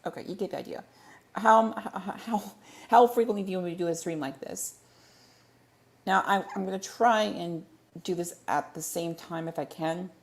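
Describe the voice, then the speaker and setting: A woman's voice: fairly low pitch, moderate pace. A woman hosting a casual livestream Q&A, rambling and often stumbling over her words and correcting herself. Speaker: livestream host.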